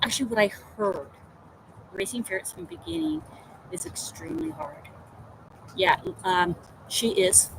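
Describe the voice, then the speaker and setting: A woman hosting a casual crafting livestream, telling animated stories about her pet and reading out viewer comments. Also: lowish voice, noisy background. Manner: chatty storytelling, animated. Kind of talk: casual chat.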